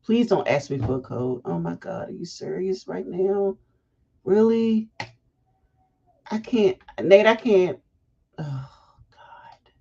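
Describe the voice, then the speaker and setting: A woman hosting a casual livestream, chatty and animated, breaking off into asides. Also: on the low side, normal speed, creaky, hardly any pauses, husky. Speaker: fashion week organizer hosting a livestream. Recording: dull lo-fi livestream audio.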